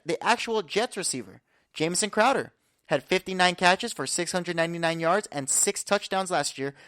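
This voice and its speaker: A man hosting a podcast, giving an energetic, confident sports breakdown full of statistics. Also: sits high, dry recording, clean studio sound. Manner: energetic, confident, stat-heavy rundown. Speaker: podcast host. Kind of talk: casual sports analysis talk.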